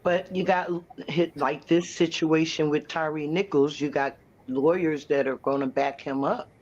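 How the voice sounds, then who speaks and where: A man's voice: a little high, fairly even intonation, a little slow. A man in casual podcast chat, talking emphatically and repeating his points. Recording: dull lo-fi recording.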